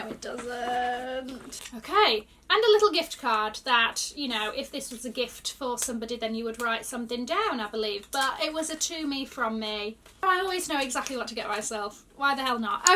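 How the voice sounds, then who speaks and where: A woman vlogger chatting excitedly through an unboxing, gasping and gushing. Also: fairly high pitch, moderate pace, distant mic, a little hiss or hum. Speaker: luxury fashion vlogger. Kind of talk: casual unboxing chat.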